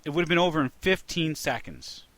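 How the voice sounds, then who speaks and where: A man hosting a casual podcast, telling an animated story with lots of restarts. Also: on the high side, fairly quick, no echo. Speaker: podcast host.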